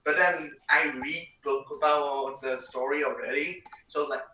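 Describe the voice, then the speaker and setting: A man joining a live stream chat with short, halting remarks. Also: fairly high pitch, steady tone, highs cut off. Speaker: stream guest. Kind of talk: casual chat. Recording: roomy, distant mic with crowd behind.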